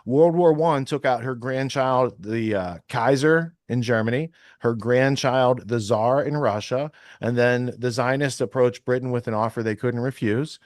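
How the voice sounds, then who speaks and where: A man's voice: mid-range voice, a little slow, few pauses, a little mellow, dry recording. Man hosting a podcast, dry close sound. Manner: rambling, thinking aloud while browsing sources. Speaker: podcast host. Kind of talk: casual podcast talk.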